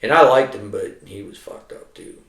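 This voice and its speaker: A man's voice: on the low side, lively intonation, moderate pace, fairly bright tone. A middle-aged man, an army veteran, telling rambling war stories in casual chat, swearing constantly. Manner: profane, rambling, heavy swearing. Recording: echoey room.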